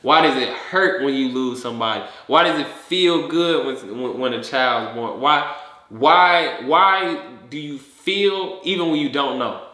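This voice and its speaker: Bright, rambling podcast man. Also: mid-range voice, a little slow. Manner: rambling, animated storytelling, acts out voices. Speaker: podcast co-host. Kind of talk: casual chat. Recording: echoey room.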